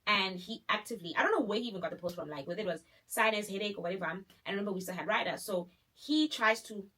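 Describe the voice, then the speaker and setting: A young woman, telling a dramatic personal story in a casual, animated way full of fillers. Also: mid-range voice, quick pace. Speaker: vlogger.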